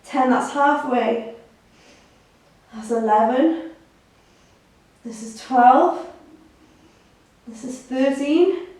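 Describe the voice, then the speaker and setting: A woman's voice: sits high, very slow, long pauses, a little mellow. A woman fitness instructor guiding a core workout, counting reps aloud and encouraging the listener. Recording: echoey room, mic at a distance.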